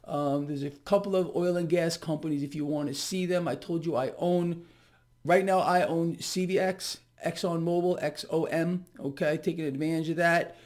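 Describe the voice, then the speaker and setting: A man's voice: fairly high pitch, steady tone, moderate pace, a little mellow. A man giving direct-to-camera market commentary, emphatic and sarcastic, with lots of fillers.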